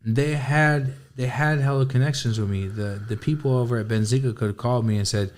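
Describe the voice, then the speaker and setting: A man in casual podcast talk at a middle pitch, telling his story with animated energy. His speech is loaded with slang and swearing, and he acts out his own reactions as he goes. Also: fairly quick. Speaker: podcast guest. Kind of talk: casual chat.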